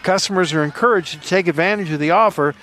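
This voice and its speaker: Folksy man commentating a parade, fairly high voice. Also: quick pace, fairly bright tone, a little hiss or hum. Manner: easygoing and folksy, with small stumbles and laughs. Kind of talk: live event commentary, reading sponsor blurbs. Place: outdoors at a street parade at night.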